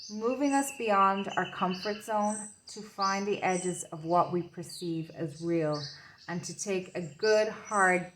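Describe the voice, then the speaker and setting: A woman's voice: mid-range voice, a bit bright, slight background noise. A woman doing an intuitive tarot reading, rambling and searching for her words as she talks. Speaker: tarot reader.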